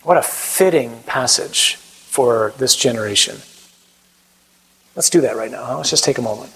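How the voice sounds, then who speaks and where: A man speaking as a priest, giving an animated talk and then leading a prayer, acting out quoted voices as he goes. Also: medium pitch, moderate pace, long pauses, a little hiss or hum, poor audio.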